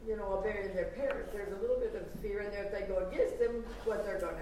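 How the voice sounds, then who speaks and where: A woman's voice: mid-range voice, quick pace, mellow. A woman in the class asking a thoughtful question in a conversational way. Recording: distant, echoey, room noise.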